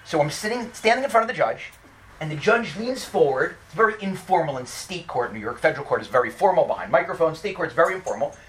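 Guy lecturing fast, lots of ups and downs in his voice, lawyer telling stories. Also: a little high, a little hiss or hum. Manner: animated, with frequent restarts. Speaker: personal injury lawyer giving a talk. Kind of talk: storytelling lecture.

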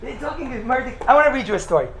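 A man who teaches in a yeshiva, telling stories in a lively talk and acting out the quotes. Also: very high voice, rapid-fire. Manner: animated, acts out the quotes in his stories. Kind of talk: storytelling talk. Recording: echoey room with faint background noise.

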